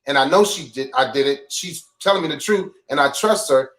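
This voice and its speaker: A man with a somewhat high voice talking openly about himself as an interview guest. He speaks bluntly and reflectively, restarting and repeating phrases, and his voice sounds a bit distant from the microphone. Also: a little fast, a bit bright. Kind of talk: candid confessional talk.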